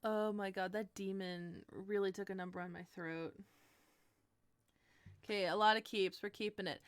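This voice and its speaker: A woman's voice: medium pitch, fairly even intonation, normal speed, long pauses, smooth, no room sound. A young woman streaming to her viewers in a bubbly, giggly casual chat.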